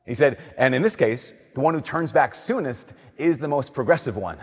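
Husky-voiced male preacher in echoing church. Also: medium pitch, expressive. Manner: conversational preaching, slowing and softening on key lines. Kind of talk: sermon.

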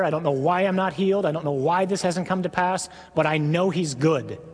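Husky male preacher in a big hall. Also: on the high side. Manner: earnest, emphatic, with slow stresses. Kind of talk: sermon.

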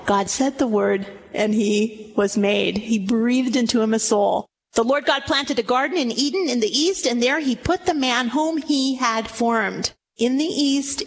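High-voiced woman in her sixties teaching scripture. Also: a little hiss or hum. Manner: emphatic, reads scripture aloud dramatically; addresses the audience directly with questions. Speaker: religious teacher. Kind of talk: Bible teaching talk.

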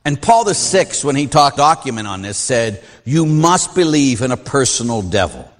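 A middle-aged man, a Catholic priest, teaching a class in an informal, animated way and acting out the voices he quotes. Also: medium pitch, normal speed, in a large hall.

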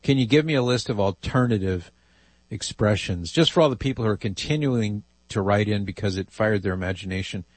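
A man hosts a radio talk show with a lowish, slightly husky voice. He chats wryly and reads out listener emails. The studio sound is dry and close. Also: brisk, dry recording. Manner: chatty, wry, reads listener emails aloud.

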